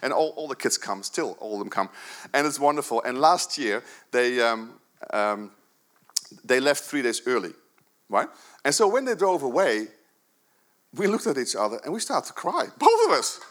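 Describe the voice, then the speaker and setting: Animated pastor preaching, lively voice. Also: male voice, mid-range voice, moderate pace. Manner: animated, jokey, swings from loud to soft. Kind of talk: sermon. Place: church service.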